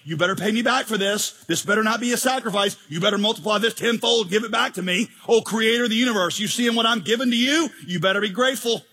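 A man's voice: high voice, quick pace, few pauses, husky, full character voice. A pastor voicing a whiny, self-centered male churchgoer who demands things from God in prayer. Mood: demanding. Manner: demanding, indignant, shouty. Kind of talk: mocking impression within a sermon.

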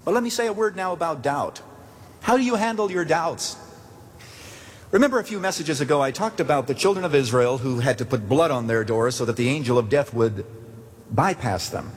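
Male preacher at the pulpit, measured storyteller, slightly husky, long hall echo. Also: a little high, expressive. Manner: deliberate storytelling with emphatic pauses. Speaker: pastor. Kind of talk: sermon. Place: church sanctuary at the pulpit. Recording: long church reverb.

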